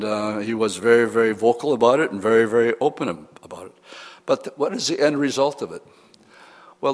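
An older male pastor delivering a verse-by-verse sermon in a church sanctuary. He keeps an easy, conversational tone and drops light humorous asides. His voice sits at an ordinary male pitch and carries a long reverb from the hall. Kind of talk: expository sermon.

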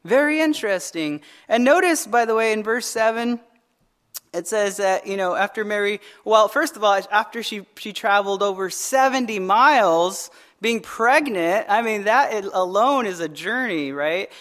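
A male pastor in his thirties, preaching with a high voice. His delivery is animated and conversational, full of "right?" asides. He often doubles the first word of a phrase as he goes. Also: moderate pace. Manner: animated storytelling with frequent "right?" tag questions; repeats words when starting phrases. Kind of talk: sermon.

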